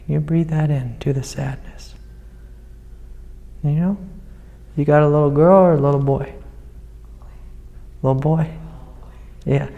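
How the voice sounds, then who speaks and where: A man speaking as a spiritual teacher, guiding a student in a gentle, soothing way and calling her sweetie. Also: on the high side, steady tone, a little slow, vocal fry, pauses often. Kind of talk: satsang guidance to a student. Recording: long hall reverb.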